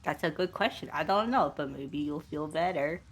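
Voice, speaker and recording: A woman's voice: low voice, moderate pace. A woman playing a tabletop game in character, curious and playful. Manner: curious, playful, laughs often. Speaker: player.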